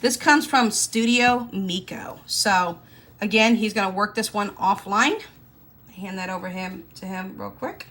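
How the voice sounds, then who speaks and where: This is a thirties woman with a drawl who runs a budgeting channel. She keeps up a relaxed, folksy patter as she counts out bills, keeping her tone at an everyday middle pitch. A light background hiss runs under the recording. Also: measured pace. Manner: chatty, folksy, addresses viewers directly. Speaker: budgeting vlogger. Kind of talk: casual chat to camera.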